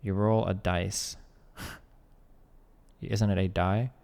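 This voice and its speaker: A young man doing casual live-stream commentary, reading text aloud fast and breaking off to chat, joke and swear. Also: sits low, flat delivery, creaky, a little mellow, big-room sound.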